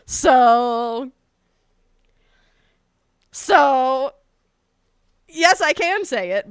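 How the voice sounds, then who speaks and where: A woman's voice: high voice, a bit bright, clean tone, no room sound, studio quality. A woman live streamer chatting casually with her viewers, playful and profane.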